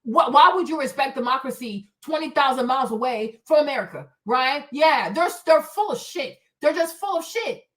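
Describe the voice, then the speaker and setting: Heated, high-voiced woman ranting. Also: expressive, normal speed, few pauses, a bit bright. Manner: profane, heated, emphatic repetition. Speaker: show host. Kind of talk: livestream commentary rant.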